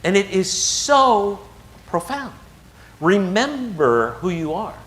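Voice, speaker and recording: A motivational speaker tells a live audience a personal story, his delivery animated as it shifts between hushed and excited. His fairly high voice ranges widely, he takes his time, and faint background noise can be heard.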